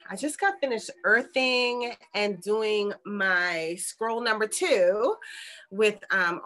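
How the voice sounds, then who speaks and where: A woman hosting a casual spiritual vlog, chatting in a relaxed, folksy way and reading from an oracle card. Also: mid-range voice. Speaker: host and intuitive healer.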